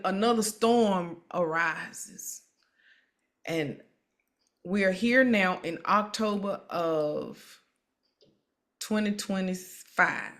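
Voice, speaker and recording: Lady hosting an interview, encouraging, kinda repeats herself, normal middle pitch. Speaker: host. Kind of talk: emotional live-stream interview.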